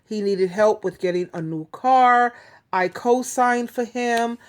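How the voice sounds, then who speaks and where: A woman's voice: on the high side, takes it slowly. Chatty, giggly woman vlogger. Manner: chatty, giggly, rambling with frequent restarts. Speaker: YouTube advice host. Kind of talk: casual talk to camera.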